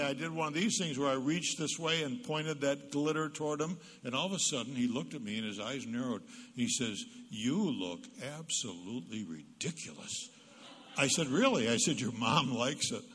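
This man is a psychologist invited to speak at church, delivering a funny talk on parenting and playing out the lines he quotes like a storyteller. His voice sits at a medium pitch with a fairly bright tone. The recording comes from a PA microphone in a reverberant church hall.

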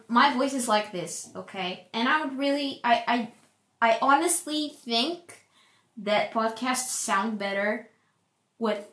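A young woman rambles through a casual solo podcast, loud and chatty. Her voice sits a little high, and she talks slowly. The room around her is echoey. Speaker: podcast host.

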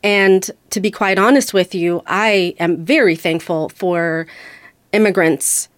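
A woman's voice: fairly low pitch, fairly even intonation, no room sound. Candid American woman, dry studio sound. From United States. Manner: thoughtful, candid, measured. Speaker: panel guest, audio engineer and radio co-host. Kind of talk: radio panel discussion.

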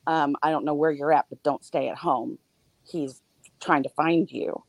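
Low-voiced middle-aged woman telling a story. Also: fairly even intonation, creaky, dry recording. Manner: personal storytelling, halting with fillers. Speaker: podcast panelist. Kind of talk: casual chat.

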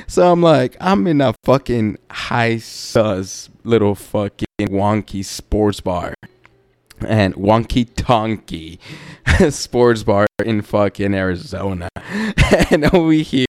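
A man hosts a podcast and tells a story in a loose, profane, laid-back way, slipping in laughing asides. His voice is smooth and clean, and his pace is unhurried. The sound is dry and close. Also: on the low side, a little mellow, dry recording. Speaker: podcast host. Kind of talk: casual storytelling.

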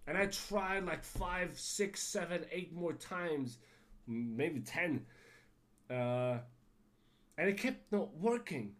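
A man's voice: a little high, lively intonation, takes it slowly. A man with a cold telling a rambling story on his podcast, full of fillers, restarts and casual swearing. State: has a cold. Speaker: podcast host.

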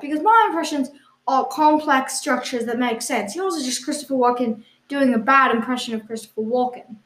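A woman co-hosting an improvised comedy podcast with a voice that sits a little high. She defends absurd claims in an earnest, hesitant way, full of ums. An echoey room surrounds her. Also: brisk, a bit bright. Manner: hesitant, insisting on absurd claims with a straight face. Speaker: podcast co-host.

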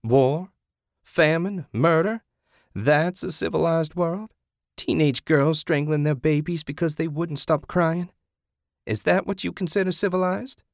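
A man's voice: on the high side, gravelly, no echo, studio quality, pitched above the performer's own voice. A man voicing a vicious, cackling backwoods woman who hisses taunts and threats in an audiobook. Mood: scornful. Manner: taunting, hissing, drawn-out menace.

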